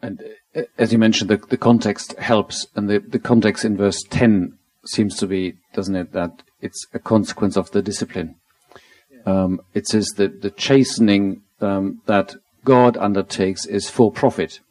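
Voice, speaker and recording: Low-voiced reflective man in Bible study. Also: steady tone, measured pace, no echo, rough recording. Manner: reflective and gently persuasive, asks tag questions like "isn't it". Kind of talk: casual group Bible study discussion.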